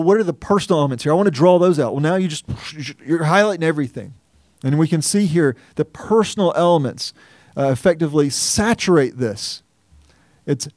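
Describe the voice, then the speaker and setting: A man's voice: fairly high pitch, darkish tone, no room sound, clean studio sound. A man pastor preaching a sermon, teaching earnestly and reading scripture aloud with feeling.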